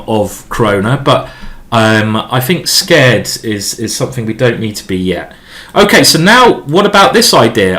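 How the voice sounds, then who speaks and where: A man's voice: medium pitch, fairly bright tone. A man streaming a chess game live. He thinks aloud in a chatty, rambling way with many restarts as he explains his moves.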